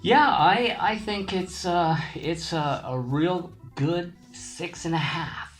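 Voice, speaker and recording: A man's voice: on the high side, slow pace, soft background music. A man from Canada chatting as a guest taster, often hesitating and restarting his sentences. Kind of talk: casual chat.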